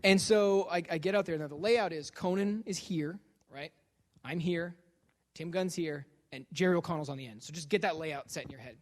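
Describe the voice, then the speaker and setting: Pitched fairly high and speaking at a normal speed, a man delivers a lecture as a comic story, animated and self-deprecating as he acts out the dialogue.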